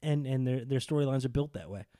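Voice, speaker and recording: Mellow-voiced man in excited podcast chat. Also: mid-range voice, quick pace, no room sound, studio quality. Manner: enthusiastic, rambling, animated when excited. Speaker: podcast co-host. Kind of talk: casual wrestling chat.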